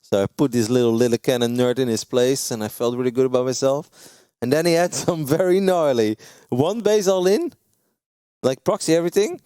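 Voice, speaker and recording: A man doing live esports commentary, excitable and quick to laugh, his pitch leaping up when something surprises him. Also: clear, resonant tone, dry recording. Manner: excitable, laughs often, jumps high in pitch. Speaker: esports caster.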